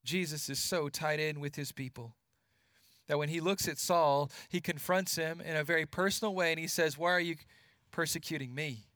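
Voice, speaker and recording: Male preacher, high voice, earnest, repeats words, sinks low for stress; dry close sound. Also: normal speed, a bit bright, no room sound. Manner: earnest, repeats words while building points, drops voice for emphasis. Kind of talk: sermon.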